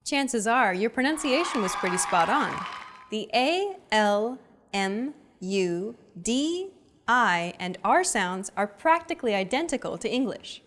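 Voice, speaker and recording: A young adult woman hosting a language lesson in an upbeat, clear teacherly delivery. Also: on the high side, big pitch swings, unhurried, fairly bright tone. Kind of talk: scripted lesson narration.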